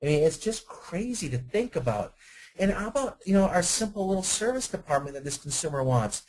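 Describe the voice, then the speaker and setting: A man's voice: sits high, brisk, low-quality recording. A man giving a webinar to car sales staff, talking conversationally and firing off rhetorical questions. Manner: energetic, conversational, asks many rhetorical questions. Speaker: dealership sales trainer. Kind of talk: webinar presentation.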